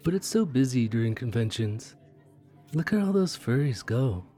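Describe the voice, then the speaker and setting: A friendly, chatty train conductor, played by a man in an audio role-play, who sounds curious and is quick to get excited. His voice is at a middle pitch. Soft music plays faintly behind him. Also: natural voice.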